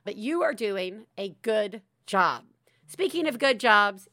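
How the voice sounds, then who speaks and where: A woman's voice: mid-range voice, slow, dry recording. A woman hosting a podcast from home, chatting casually and animatedly, laughing often. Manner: animated, laughs often, shouts quoted lines. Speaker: podcast host.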